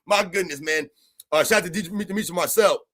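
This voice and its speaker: High-pitched man ranting about sports. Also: fast talker, pushed and bright. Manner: heated, mocking, repetitive rhetorical questions. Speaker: sports streamer. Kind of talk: live-stream sports rant.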